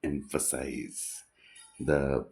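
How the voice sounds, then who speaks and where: A man's voice: extremely low pitch, flat delivery, extremely slow, creaky, darkish tone. A man giving an earnest, rambling reflective monologue, often restarting his sentences.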